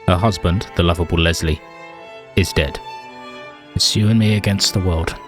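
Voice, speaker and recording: A man with a low, deep voice tells the story of his game in a dry, mock-tragic way. Soft music plays faintly behind him. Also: steady tone, moderate pace. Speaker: let's play host. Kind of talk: comedic game narration.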